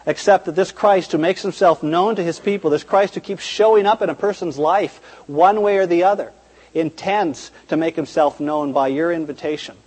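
A male preacher delivers an earnest, emphatic sermon and repeats his key phrases. His voice sits a little high and husky. It carries a long reverb through the church. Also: normal speed, darkish tone.

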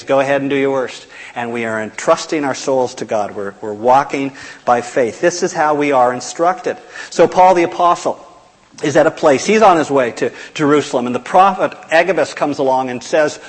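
A man preaching a sermon in a conversational way, with restarts and soft, quiet quotes. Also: fairly high pitch, husky. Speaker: pastor. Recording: long hall reverb.

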